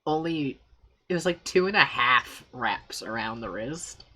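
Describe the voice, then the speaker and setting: A woman's voice: extremely low pitch, animated, a little slow, bright, forceful tone, breathy edge. A woman chatting casually as a guest on a live stream, laughing and making self-deprecating remarks.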